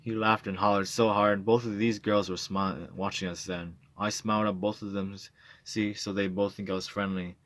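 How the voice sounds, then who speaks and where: A man's voice: lowish voice, flat delivery, moderate pace, a bit bright, lightly acted. A man reading as a boastful crude drunk veteran. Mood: bragging. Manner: bragging, coarse, swaggering storyteller. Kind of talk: reading a novel aloud.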